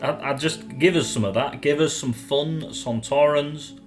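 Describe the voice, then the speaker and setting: A man's voice: fairly high pitch, a little slow. A British man co-hosting a casual podcast, joking and riffing, laughing often. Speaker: podcast co-host. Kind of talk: casual banter. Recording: faint music bed behind.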